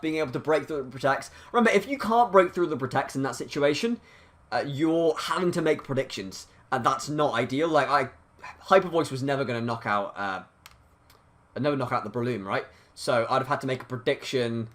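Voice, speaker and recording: A man giving excitable live commentary over his own competitive video game battle. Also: medium pitch, a little fast. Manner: excitable, hyping up big plays.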